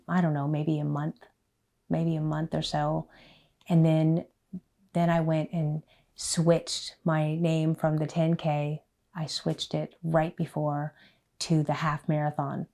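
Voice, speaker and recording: A middle-aged woman telling a personal story in a documentary interview, earnest and self-deprecating, sometimes dropping to a hush and sometimes getting loud. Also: deep voice.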